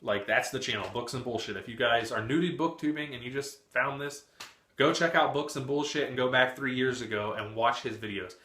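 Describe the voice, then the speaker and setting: Young man, twenties, loose talkative vlogger, bright tone, roomy echo. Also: medium pitch, fairly even intonation, brisk. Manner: chatty, frequent cursing and laughter. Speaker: book vlogger. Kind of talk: casual chat. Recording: echoey room.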